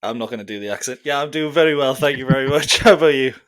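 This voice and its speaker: A man chatting as a podcast guest, good-humoured and quick to laugh. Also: medium pitch, fairly bright tone, clear, resonant tone, no echo. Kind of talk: casual chat.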